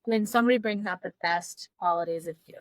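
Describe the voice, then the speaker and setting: A woman's voice: fairly low pitch, fast, no echo. A woman in her forties, a podcast co-host, chatting casually in a frank, gossipy way. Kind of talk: casual chat.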